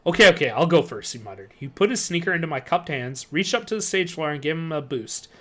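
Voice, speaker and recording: A man reads a children's horror novel aloud on a live stream. His voice is bright and a little high, and he tells the story expressively. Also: sing-song, quick pace. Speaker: streamer reading a book aloud.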